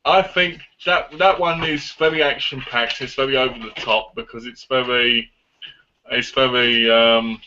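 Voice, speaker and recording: A man chatting as a guest on a live online stream, excitable and rambling. His voice is bright and forward, coming through a computer mic with dull, lo-fi call audio. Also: mid-range voice, unhurried, slight background noise. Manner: excitable, rambling movie talk. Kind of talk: casual live chat.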